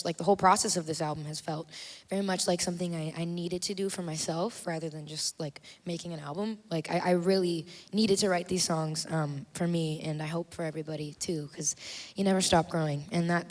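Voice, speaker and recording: A woman in her twenties, a singer, answering interview questions on a theater stage in an easygoing, reflective way, often pausing with fillers. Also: on the low side, fairly even intonation.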